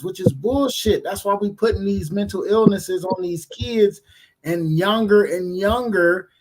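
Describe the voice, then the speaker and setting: A man's voice: sits high, moderate pace, a little hiss or hum, poor audio. A man co-hosting a casual podcast, talking bluntly with lots of slang and swearing. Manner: blunt, animated, heavy slang and profanity. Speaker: podcast co-host. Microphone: remote stream mic.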